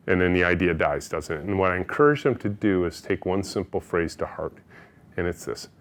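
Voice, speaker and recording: A man's voice: low voice, brisk. A middle-aged man, a company CEO, giving a storytelling keynote talk and acting out the people in his anecdotes. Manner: energetic, animated storyteller who acts out quotes.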